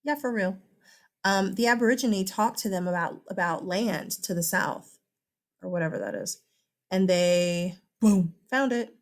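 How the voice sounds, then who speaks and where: A woman teaching a class in a loose, conversational way. Her voice sits at an ordinary pitch, and she drops in teasing asides to the students as she goes. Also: unhurried. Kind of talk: casual classroom lecture.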